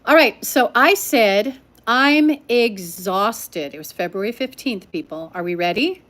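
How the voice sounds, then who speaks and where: A woman's voice: mid-range voice, sing-song, moderate pace, a bit bright. An older woman telling a story to her live-stream viewers in a chatty, teasing way, talking straight to them. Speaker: livestream storyteller.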